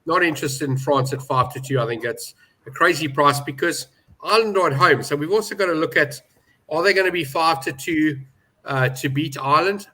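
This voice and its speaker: A man's voice: fairly high pitch, fairly quick, bright, forceful tone. A man giving emphatic, indignant betting opinions on a panel, with many restarts. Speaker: betting pundit. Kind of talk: animated panel discussion.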